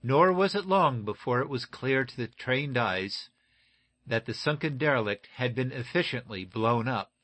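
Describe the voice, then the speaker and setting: A man reading an adventure audiobook in a steady, measured way. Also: mid-range voice, no echo. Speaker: audiobook narrator. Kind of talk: scripted narration.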